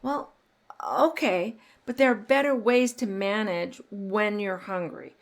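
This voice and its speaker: Middle-aged woman host, parenting podcast, earnest and chatty, normal pitch. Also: slow. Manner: earnest, animated when telling stories. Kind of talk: casual parenting podcast chat.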